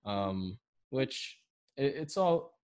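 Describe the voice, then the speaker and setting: A man's voice: mid-range voice, very slow, crowd noise. Saint Lucian man telling stories. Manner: animated, laughing storyteller. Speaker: podcast host. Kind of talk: conversational storytelling.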